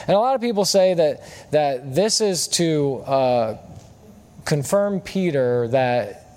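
A man's voice: a little high, lively intonation, slow, darkish tone. A man preaching a sermon in a friendly, conversational way, often asking the congregation questions. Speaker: guest preacher. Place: church service.

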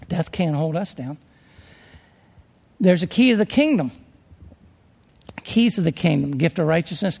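A man's voice: on the high side, vocal fry, warm tone, slightly rough, long reverb tail. A man preaching a conversational sermon, rambling a little and restarting his sentences as he works through scripture.

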